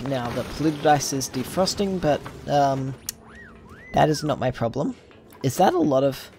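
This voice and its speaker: A man's voice: medium pitch, noisy background. Rambling man thinking aloud over gameplay. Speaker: gameplay video host. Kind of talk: casual gameplay commentary.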